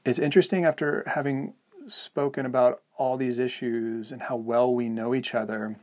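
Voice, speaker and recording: A man's voice: mid-range voice, fairly even intonation, normal speed, darkish tone. A man co-hosting a podcast, speaking candidly and hesitantly, often searching for words in a reflective conversation. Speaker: podcast co-host.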